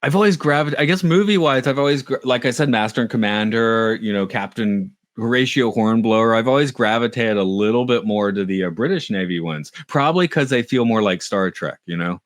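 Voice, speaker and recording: A man's voice: medium pitch, brisk, few pauses, dry recording, clean studio sound. A middle-aged man co-hosting a podcast, rambling and self-mocking, with frequent restarts. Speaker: podcast co-host. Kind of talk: casual chat.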